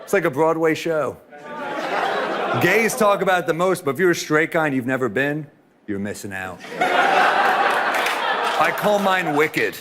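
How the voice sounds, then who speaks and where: A man's voice: on the high side, animated, moderate pace, pauses often, over a noisy crowd, heavy background noise. A man doing a stand-up set, telling a story in a wry, playful way. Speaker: stand-up comedian.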